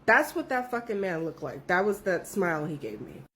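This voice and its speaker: A woman's voice: lowish voice, sing-song, normal speed, pushed and bright. A young woman telling her own story in a casual, profane, emphatic way.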